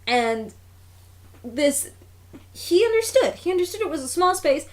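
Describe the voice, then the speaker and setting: Young woman, high voice, chatty storyteller on a casual podcast who stumbles and restarts. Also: a little slow. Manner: animated storyteller, restarts, acts out quotes. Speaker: podcast co-host. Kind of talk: casual chat, telling a work story.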